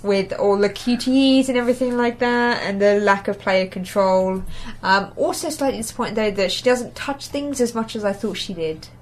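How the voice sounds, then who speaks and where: A woman's voice: mid-range voice, normal speed, few pauses, slight background noise. Rambling English woman chatting about games. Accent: Essex-tinged English. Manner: rambling, hesitant with many ums and restarts. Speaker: podcast co-host. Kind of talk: casual gaming chat.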